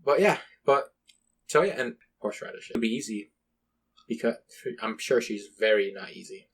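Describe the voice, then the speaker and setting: A man's voice: fairly low pitch, lively intonation, normal speed, slightly rough. A young man co-hosting a podcast, telling a rambling story with lots of swearing and acted-out quotes. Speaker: podcast co-host. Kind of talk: casual chat.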